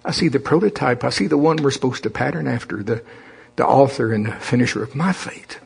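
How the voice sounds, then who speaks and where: A male preacher delivering a sermon in a folksy, talky way, often asking the congregation to say the words back with him. His voice is husky and a little breathy, sitting at a middle pitch for a man. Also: fairly quick. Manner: folksy, calls for congregation to repeat after him.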